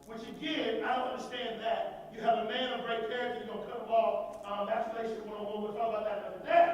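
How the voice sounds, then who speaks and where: A man's voice: very high-pitched, steady tone, quick pace. A man giving a motivational leadership speech at a college event, preaching in a call-and-response style that has the audience repeat his words. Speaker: motivational speaker. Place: large hall at a college event. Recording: echoey hall, distant mic.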